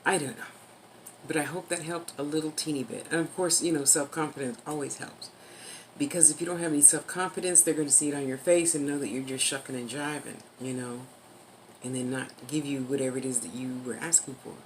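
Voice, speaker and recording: A woman talking casually to camera with life advice, rambling and chatty, now and then slowing down for emphasis. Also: very deep voice, fairly even intonation, a little hiss or hum, poor audio. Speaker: vlogger giving life advice.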